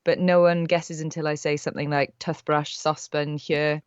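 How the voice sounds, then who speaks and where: A young woman from Wales speaks with only a faint Welsh lilt left in her voice. She talks in a bubbly, enthusiastic way, sitting somewhat low for a woman. The sound is dry and a little muffled, like remote call audio. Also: little pitch movement, normal speed, clear, resonant tone, no room sound. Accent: faint Welsh, mostly neutral British. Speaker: voice actor guest. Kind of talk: casual interview chat.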